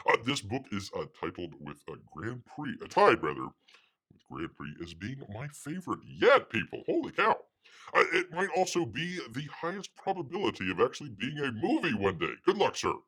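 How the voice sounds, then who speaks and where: A man's voice: mid-range voice, big pitch swings, normal speed, bright, forceful tone, breathy edge. A man hosting a casual livestream, rambling with many fillers and calling himself by his nickname. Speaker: livestream host.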